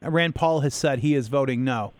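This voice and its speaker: A man's voice: mid-range voice, moderate pace, no echo. A man hosting a radio talk show, chatting in a jokey, upbeat way. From Maine. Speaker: radio host.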